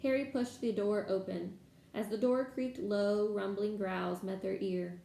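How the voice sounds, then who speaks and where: A woman reading a novel aloud to listeners in steady storytelling manner, in an echoey room. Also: medium pitch, measured pace, vocal fry. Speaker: reader. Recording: echoey room, faint background noise.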